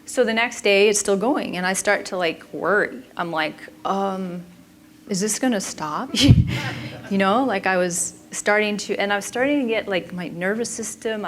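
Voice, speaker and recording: A woman's voice: medium pitch, a little hiss or hum. A woman giving an informal talk at a conference in a chatty way, often stopping and restarting her sentences. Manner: chatty, self-interrupting, frequent restarts. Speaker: conference presenter.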